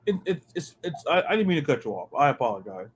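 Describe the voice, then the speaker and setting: Animated high-voiced man ranting about football. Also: fast talker, husky. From American South. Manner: animated, ranting, repeats words when excited. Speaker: podcast co-host. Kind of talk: casual sports chat.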